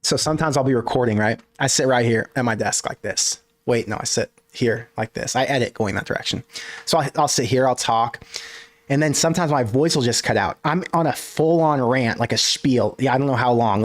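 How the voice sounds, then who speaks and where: A man's voice: medium pitch, brisk. Ranting sports stream host, man. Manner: animated, ranting, swearing casually. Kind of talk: solo livestream rant. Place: home desk.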